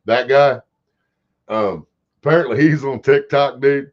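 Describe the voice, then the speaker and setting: A man's voice: medium pitch, unhurried. A man hosting a casual livestream, rambling and swearing as he talks to his chat. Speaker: livestream host. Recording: dull lo-fi stream audio.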